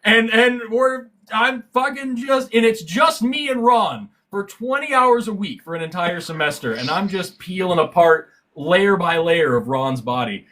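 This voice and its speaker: A man chatting as a guest on a science livestream, telling stories in an animated way, swearing freely and breaking into loud exclamations. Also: sits high, measured pace, few pauses. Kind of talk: casual livestream chat. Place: livestream, recorded remotely.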